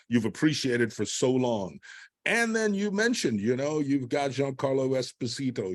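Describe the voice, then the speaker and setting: An older man, an actor guest, giving reflective and expansive interview answers with an occasional chuckle. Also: mid-range voice.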